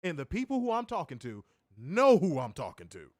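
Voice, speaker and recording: A man co-hosting a review podcast, ranting and teasing in a loud, profane, animated way. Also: fairly high pitch, brisk, no room sound, studio quality. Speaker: co-host of a wrestling review show. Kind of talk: casual podcast chat.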